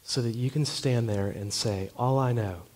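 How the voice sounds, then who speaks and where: A man preaching a sermon, earnest and emphatic, slowing to hushed phrases. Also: mid-range voice. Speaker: pastor.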